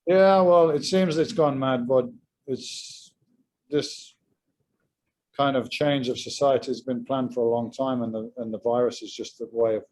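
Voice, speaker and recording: Man, guest on a casual interview; relaxed, measured, a few fillers, mid-pitched voice. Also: rough recording. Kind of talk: casual video-call interview.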